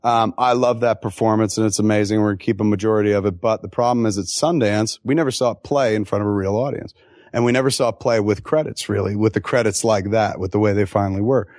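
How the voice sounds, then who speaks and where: A man answering audience questions at a live Q&A, telling stories in an animated, profane way with quick asides and acted-out quotes. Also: fairly low pitch, no echo, clean studio sound. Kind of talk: live Q&A storytelling.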